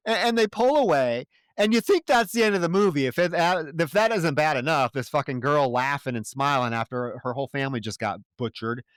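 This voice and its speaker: Male podcast co-host, smooth voice, dry close mic, profane and exasperated recapping. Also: mid-range voice, fairly quick, hardly any pauses, fairly bright tone, no echo. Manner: profane, exasperated, mocks characters' lines. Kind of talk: casual film review chat.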